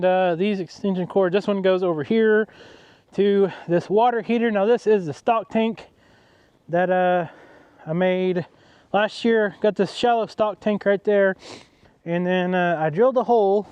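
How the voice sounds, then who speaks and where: Easygoing farmer vlogging outdoors. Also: male voice, high-pitched, moderate pace, darkish tone, smooth, dry recording, dull audio. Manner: easygoing, chatty, talks to his animals. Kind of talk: casual farm vlog. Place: outdoors on a farm.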